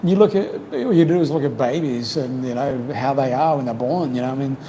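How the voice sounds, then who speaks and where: Croaky man rambling on a livestream. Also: mid-range voice, brisk, warm tone, a little hiss or hum, low-quality recording. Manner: rambling and reflective, full of "you know". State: slightly croaky from long talking. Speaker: livestream host. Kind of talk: casual livestream chat. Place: home in Cambodia.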